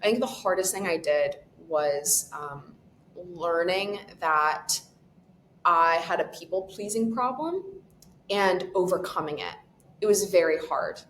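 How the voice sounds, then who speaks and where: A young woman guesting on a podcast, chatting in a bubbly, quick way, laughing often and saying "like" a lot. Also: a bit bright. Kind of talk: casual chat. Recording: echoey room with faint rumble.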